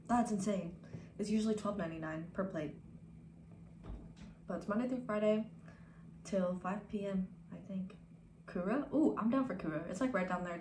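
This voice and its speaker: A woman's voice: medium pitch, darkish tone, a little hiss or hum. A young woman in her twenties streaming from home, chatting casually with viewers in a laid-back, profane way that drifts into whispers. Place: home room. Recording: echoey room with faint ambience.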